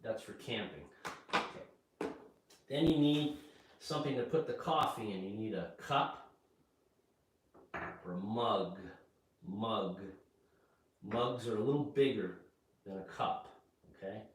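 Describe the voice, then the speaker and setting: A man teaching English at home, speaking slowly and plainly and checking in with "okay?" after nearly every phrase. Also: fairly low pitch. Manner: slow and repetitive, checks in with "okay?". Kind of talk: slow spoken English lesson. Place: home kitchen. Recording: echoey room, mic far off.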